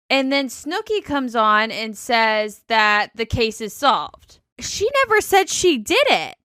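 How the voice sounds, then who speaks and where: Female podcast co-host, opinionated and wry, bright tone, dry close mic. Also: a little high, dry recording. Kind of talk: casual reality TV recap chat.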